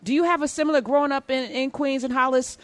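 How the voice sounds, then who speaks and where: A woman host talks fast in a dry, close-miked sound. She is brisk and affirming, setting up her questions by retelling what an earlier guest said. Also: high voice, steady tone, fairly bright tone, no room sound. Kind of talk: interview questions.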